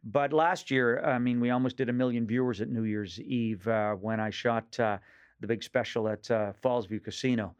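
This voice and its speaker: A man's voice: mid-range voice, steady tone, moderate pace, clear, resonant tone, dull audio. A man in his fifties from Nova Scotia, a comedian telling rambling, joke-filled stories as a radio guest. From Nova Scotia, Canada. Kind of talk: casual radio interview.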